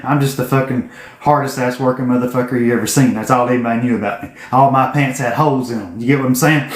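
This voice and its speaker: A man, telling a folksy, profane story to camera. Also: mid-range voice. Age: 40s. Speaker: vlogger telling his business story. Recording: echoey room.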